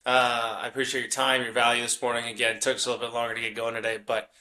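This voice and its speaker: A man hosting a podcast interview, upbeat and quick with affirmations and a sign-off. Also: medium pitch, monotone, sharp tone. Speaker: podcast host. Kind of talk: casual interview chat. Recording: echoey room, a bit off mic.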